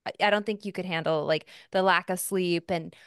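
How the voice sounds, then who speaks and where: A woman hosting a casual podcast interview, chatty and quick to laugh. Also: lowish voice, steady tone, smooth, dry recording, studio quality. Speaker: podcast host.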